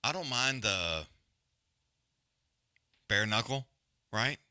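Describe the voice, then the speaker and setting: Male watch-along host, profane and slangy, very bright tone, lively pitch. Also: slow pace, clear, resonant tone. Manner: loose, profane, animated breakdown with slang. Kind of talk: casual live fight commentary.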